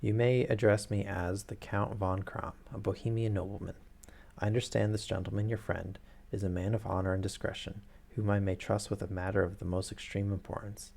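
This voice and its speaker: A man's voice: on the low side, little pitch movement, fairly quick, creaky, a little mellow. A man reading aloud the grave, formal lines of a towering, proud masked nobleman in his own voice.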